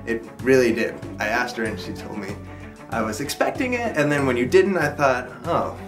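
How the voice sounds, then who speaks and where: An excited young man talks straight to camera in a chatty, earnest way, his voice sitting at an ordinary middle pitch. Clear background music plays under his voice. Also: normal speed. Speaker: vlogger. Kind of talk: casual storytelling to camera.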